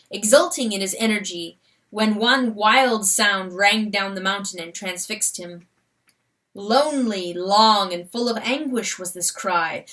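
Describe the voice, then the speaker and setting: Brief: woman storybook narrator, bright voice, expressive reading, slightly off-mic. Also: mid-range voice, far from the mic. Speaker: audiobook narrator.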